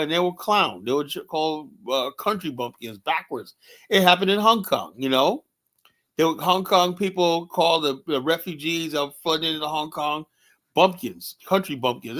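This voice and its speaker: The host, a New Yorker by his accent, drives a heated discussion with emphatic delivery, rhetorical questions, and a steady stream of "you know." His voice sits on the high side and sounds a bit bright.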